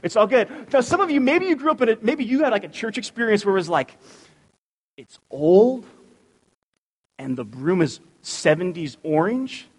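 A man giving a casual, joking sermon as a youth pastor in a church, energetic and animated. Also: high voice, fairly quick, hardly any pauses. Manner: energetic and animated, cracks jokes. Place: church sanctuary. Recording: long reverb of a church hall.

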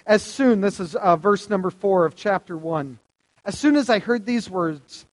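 A man's voice: sits high, a little slow, long reverb tail. A man preaching a sermon to a live audience, conversational and asking them questions. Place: hall with stage lights.

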